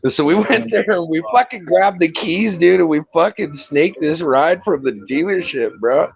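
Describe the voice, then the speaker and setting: A man's voice: fairly high pitch, normal speed, creaky, breathy edge, dry recording, dull audio. A man telling a long rambling story in casual chat, swearing and laughing often.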